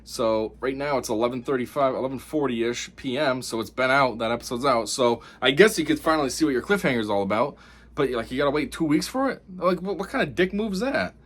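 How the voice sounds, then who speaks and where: A man's voice: mid-range voice, lively intonation, brisk, breathy edge. A man giving a casual spoken review of a TV episode, rambling and exasperated, with lots of fillers.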